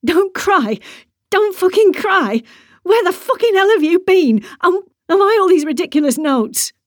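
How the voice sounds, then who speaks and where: A woman voicing an upset, angry wife who shouts and swears in a high, strained voice. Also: lively intonation, moderate pace, no echo, studio quality. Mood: shouting angrily. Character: distraught furious woman, abandoned wife. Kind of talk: audiobook character reading.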